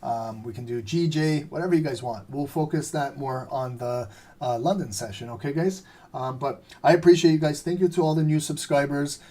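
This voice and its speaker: A man's voice: fairly high pitch, normal speed, warm tone. A man hosting a live trading stream in a loose, rambling way, full of fillers, while he is losing his voice. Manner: rambling, filler-heavy, chatty. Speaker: trading livestream host. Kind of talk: casual live-stream chat.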